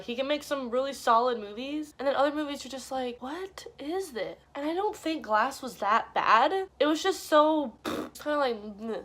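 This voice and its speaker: A young woman giving a casual, exasperated spoken film review, full of "like" and quick asides. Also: fairly high pitch, fairly bright tone. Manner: chatty, frequent "like", exasperated.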